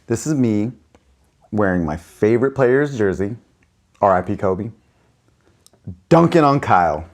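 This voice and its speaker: A man co-hosting a comedy podcast, chatting casually with dry, deadpan jokes. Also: fairly low pitch, measured pace. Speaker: podcast co-host.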